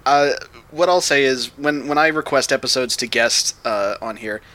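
Podcast guest guy, bright sharp voice, goes on and on all excited. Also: mid-range voice, moderate pace. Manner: rambling, enthusiastic explainer. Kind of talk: casual podcast chat.

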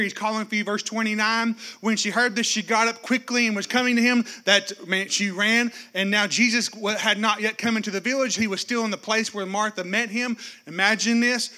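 Bright high-voiced preacher. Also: male voice. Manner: preaching with wide swings from loud to hushed. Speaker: pastor. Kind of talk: sermon.

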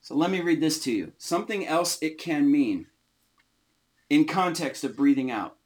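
A man teaching an informal Bible study, explaining words slowly and stressing single words. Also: fairly high pitch, lively intonation, a little mellow. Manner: slow, emphatic, often stressing single words.

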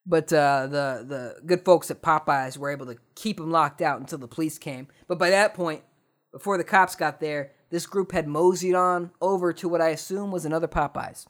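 A man's voice: on the high side, moderate pace. Young male podcast host with a sarcastic, swearing storyteller's rant that swings between mutters and outbursts.

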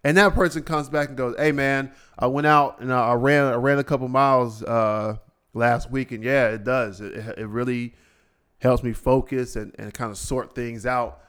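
Male podcast host, profane exasperated solo rant with mocking impressions, ordinary mid pitch. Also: fairly even intonation, normal speed, fairly bright tone, smooth.

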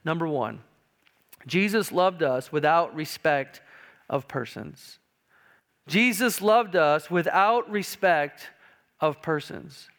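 A male pastor preaching a sermon in a church, emphatic and repetitive, slowing down on key lines and building louder toward urgent points. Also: fairly high pitch, lively intonation. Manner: emphatic preaching, repeats key phrases and often says "listen". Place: church sanctuary.

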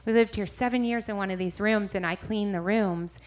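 A woman's voice: medium pitch, brisk, pitched above the performer's own voice, close to an everyday voice. Woman voicing a tearful motel supervisor. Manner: pleading, choked with emotion. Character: tearful middle-aged female motel supervisor.

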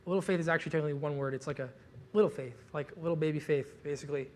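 Lively, joking man preaching. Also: on the high side, rapid-fire. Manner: casual, joking, animated storytelling with many "like" fillers. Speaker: pastor. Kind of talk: sermon.

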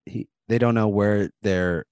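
A man's voice: fairly low pitch, fairly even intonation, unhurried, a little mellow, clear, resonant tone, no room sound, clean studio sound. A man co-hosting a casual streamed podcast, joking around and laughing easily. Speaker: podcast co-host.

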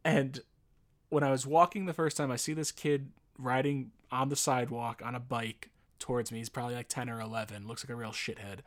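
In the Los Angeles area, a man tells a rambling story during casual chat, swearing freely and acting out the characters' voices with laughs. His mid-range voice moves fairly quickly.

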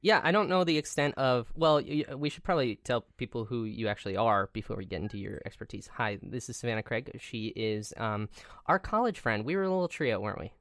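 A man's voice: mid-range voice, fast, a bit bright, dry recording. Dry, rambling young man co-host. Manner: rambling, lots of fillers and restarts. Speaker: podcast co-host. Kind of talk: casual chat.

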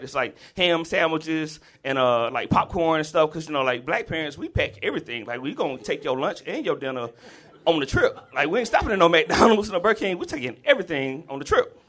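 A man from the Southern US telling a comic personal story at a live storytelling event, in an animated, chuckling, conversational way. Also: on the high side.

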